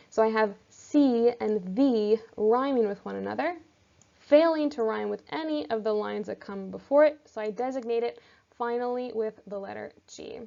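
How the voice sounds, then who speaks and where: A woman teacher explaining a lesson step by step in a patient, measured way. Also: a little high, creaky, dark tone. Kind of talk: recorded classroom lesson. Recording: dull lo-fi recording.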